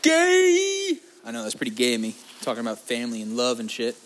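A man's voice: medium pitch, monotone, racing. A young man talking straight to his audience in a loose, wandering monologue. He swears constantly, cracks crude jokes and drifts from one tangent to the next. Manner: crude, profane and jokey, wandering off topic. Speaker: vlog host. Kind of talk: rambling casual monologue.

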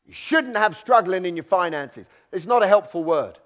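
A man's voice: high voice, expressive, normal speed, fairly bright tone. A man preaching a sermon in a church, talking conversationally and acting out the voices of struggling believers.

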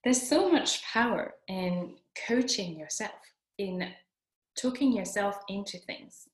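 A woman's voice: mid-range voice, lively intonation, takes it slowly. A woman giving an earnest motivational self-help talk, repeating lines for emphasis. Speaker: motivational speaker. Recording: echoey room.

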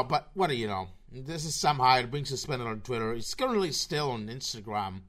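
A man hosting his own podcast, rambling through sarcastic, profanity-laden commentary with a slurred, low-energy delivery. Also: lively intonation, normal speed, hardly any pauses, a bit bright. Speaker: podcast host.

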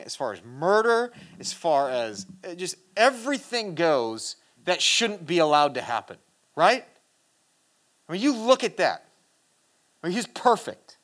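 A preacher giving a sermon in a casual, earnest way, reading scripture and talking to the listeners directly. They often restart and repeat words, and they drop into a quiet, low voice to stress a point. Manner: addresses the listeners directly as "guys" and asks for "amen"; drops to a quiet, low voice for emphasis.

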